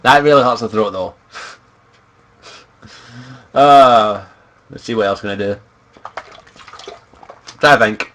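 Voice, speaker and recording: A man's voice: lowish voice, takes it slowly, long pauses, fairly bright tone, a little hiss or hum. A young man from Scotland, a streamer chatting casually in a profane, giggly, rambling way. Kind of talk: casual livestream chat.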